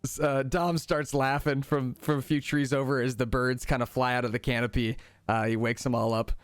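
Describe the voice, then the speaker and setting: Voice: medium pitch, flat delivery, normal speed, no echo. A game master narrating a tabletop game in a casual, filler-heavy way, close and dry.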